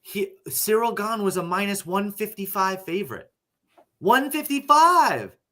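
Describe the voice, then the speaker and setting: A man's voice: high-pitched, fairly even intonation, moderate pace, fairly bright tone. A man co-hosting a casual fight-betting show, talking in an enthusiastic, teasing way. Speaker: podcast co-host.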